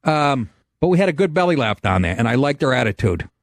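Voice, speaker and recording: A middle-aged man hosting a podcast, telling stories in a brash, profane, animated way. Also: mid-range voice, fairly quick, dry recording, studio quality. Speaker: podcast host, comedian. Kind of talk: casual podcast chat.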